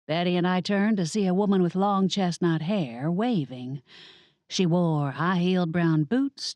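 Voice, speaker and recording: A woman's voice: fairly low pitch, a little mellow, no echo, muffled recording. A woman narrating a first-person cozy mystery audiobook in a wry, sassy manner.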